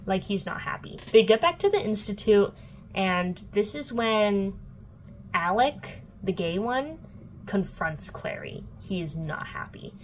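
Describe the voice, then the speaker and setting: A woman's voice: mid-range voice, very animated, a little slow, slight background noise, rough recording. A young adult woman recapping a book in casual vlog chat. She fills her talk with "like" and swears freely. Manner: chatty, peppered with "like" and swearing. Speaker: book vlogger.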